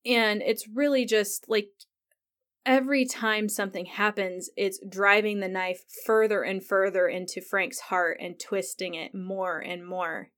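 A woman's voice: medium pitch, flat delivery, measured pace, fairly bright tone. A chatty woman with a mid-range voice, recapping a TV episode in a casual, conversational way. She leans on "like" often and retells scenes with real feeling. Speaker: podcast host.

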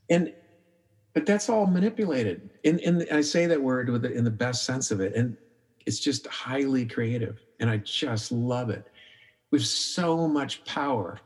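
A man's voice: mid-range voice, a little slow. A middle-aged man, a documentary filmmaker, talking casually in a podcast interview, telling stories and acting out his own thoughts, with many restarts. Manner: animated storyteller, acts out his own inner voice; frequent restarts and filler "like".

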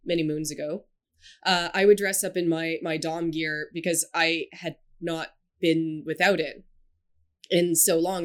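A woman with a slightly low voice chats casually on a podcast. She rambles with lots of fillers and keeps breaking into giggles. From Scotland and China. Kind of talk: casual chat.

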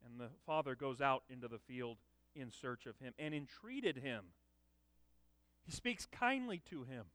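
A man preaching a sermon, emphatic, with loud dramatic peaks. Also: mid-range voice, lively intonation, measured pace, no room sound. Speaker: pastor.

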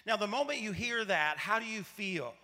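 A pastor from Arkansas, USA, preaches a sermon in a large hall, in a conversational storytelling style, asking the audience rhetorical questions. His male voice is high and sharp in tone, with lively intonation and a moderate pace.

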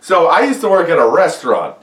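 A middle-aged man chatting casually about a film, cursing freely and jumping into little voices as he retells scenes. His tone is lively, swinging up and down, somewhat high for a man. He sits back from the mic in an echoey room. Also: a little fast. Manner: animated, profane, acts out scenes in voices. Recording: roomy echo, somewhat far from mic.

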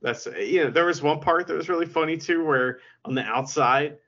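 A man co-hosting a podcast, chatting casually about wrestling, excitable, swearing and laughing often. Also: a little high, moderate pace, dull audio. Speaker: podcast co-host.

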